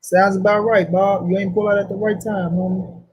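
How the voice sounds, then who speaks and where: High husky-voiced man ranting. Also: level tone, moderate pace, rough recording. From St. Louis, USA. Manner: profane, slangy, repetitive rant. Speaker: boxing commentary host. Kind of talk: casual boxing talk.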